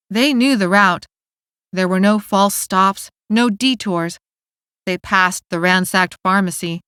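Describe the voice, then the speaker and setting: A woman narrating an audiobook in a steady, clear storytelling manner, recorded on a studio mic. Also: mid-range voice, no room sound. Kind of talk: scripted narration.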